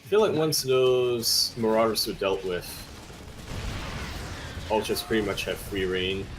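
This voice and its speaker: A man's voice: fairly low pitch, expressive, a little slow, faint music behind. A man with an Australian accent co-casting a strategy game live, giving analysis and dry jokes. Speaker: esports co-caster.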